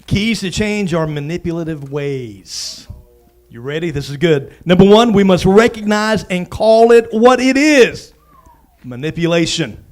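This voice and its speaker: A man's voice: high-pitched, expressive, unhurried, faint music behind. A man pastor joining the sermon to read out numbered points to the congregation.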